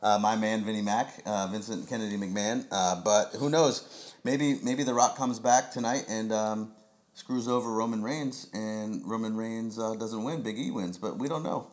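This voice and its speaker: A man's voice: fairly low pitch, moderate pace. A man hosting a casual chat show, giving laid-back, rambling predictions. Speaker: podcast host.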